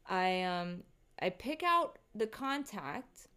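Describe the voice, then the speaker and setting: A woman's voice: medium pitch, takes it slowly, clean tone. Woman vlogger, mid-range voice, chatty and shaken storyteller who swears a lot. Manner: animated, profane, rattled storytelling. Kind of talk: casual storytime monologue.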